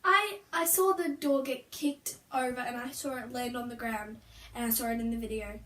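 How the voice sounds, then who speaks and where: A woman's voice: a little high, steady tone, moderate pace, a bit bright. A woman animatedly telling the story of a dream in a casual story-time video, acting out voices with gasps and screams. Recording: echoey room from a distant mic.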